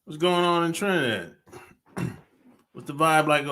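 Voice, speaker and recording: A man's voice: fairly high pitch, animated, a little slow, pauses often, bright, forceful tone. A man hosting a podcast livestream, talking in a laid-back, slangy way and laughing often. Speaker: podcast host. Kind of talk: casual livestream chat.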